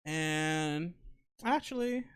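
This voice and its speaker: A young man hosting a podcast, telling stories in slangy, animated casual chat. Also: a little high, extremely slow, clean tone, dry recording. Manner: slangy, animated storytelling with laughs. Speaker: podcast host.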